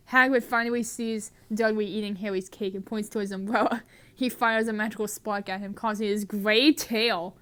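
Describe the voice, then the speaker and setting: A woman's voice: medium pitch, steady tone, normal speed, fairly bright tone, clear, resonant tone. A woman reading a mistranslated movie script aloud for comedy, laughing throughout. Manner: laughs constantly. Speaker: narrator.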